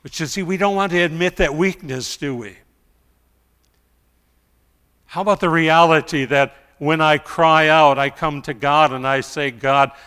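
Male pastor, sermon, smooth resonant voice, long hall reverb, hushed storytelling to loud pleading. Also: a little high. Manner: storytelling, dropping soft then rising to loud pleas.

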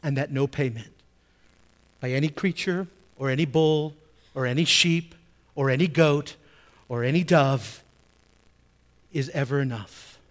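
A man preaching a sermon as a pastor, emphatic, repeating key phrases and swinging between soft asides and loud stresses. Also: medium pitch, measured pace, pauses often.

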